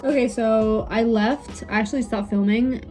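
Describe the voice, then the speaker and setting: A woman's voice: a little high, steady tone, moderate pace, over music. A woman in her twenties casually telling a story while doing her makeup at home, chatty and easily sidetracked. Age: 20s. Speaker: beauty vlogger.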